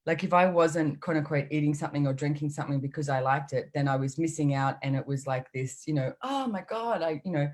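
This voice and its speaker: A woman's voice: sits low, fairly even intonation, quick pace, few pauses, a little mellow. A middle-aged woman speaking in a casual, chatty way as a podcast guest, acting out her inner voices as she talks. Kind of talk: casual chat.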